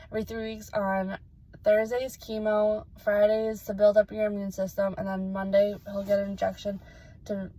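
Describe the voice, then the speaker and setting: A woman's voice: mid-range voice, warm tone, rough recording. A young adult woman giving a casual vlog update, rambling and emotional with many fillers. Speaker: vlogger.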